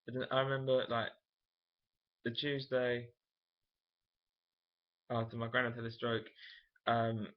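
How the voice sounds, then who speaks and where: A man's voice: medium pitch, flat delivery, measured pace, pauses often. Young man, late teens, casual vlog storytelling, rambling, candid, dull lo-fi sound. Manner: rambling, many fillers and self-corrections, candid. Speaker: vlogger. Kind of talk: casual personal storytelling to camera.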